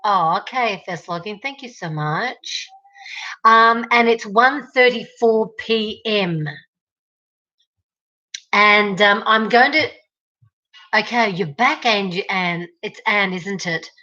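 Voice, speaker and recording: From her home kitchen, a woman with an Australian accent hosts a casual livestream, greeting viewers by name and reading their comments. She speaks slowly with frequent pauses, in a medium-pitched, pushed, bright voice. The recording is muffled.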